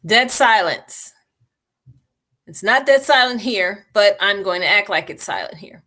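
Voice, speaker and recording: A woman hosting a livestream, guiding listeners through meditation with calm, unhurried instructions and easy laughter. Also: medium pitch. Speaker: meditation host.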